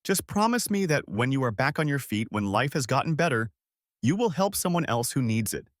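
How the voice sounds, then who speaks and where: Kind, earnest young bakery owner, read by a man; lively, dry. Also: mid-range voice, brisk, no echo, close to an everyday voice. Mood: gentle.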